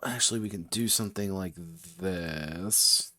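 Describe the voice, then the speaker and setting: A man's voice: low voice, a little slow, pushed and bright, no room sound, soft background music. A man streaming as he designs a tabletop game, thinking aloud in a muttering way, often correcting himself and swearing casually.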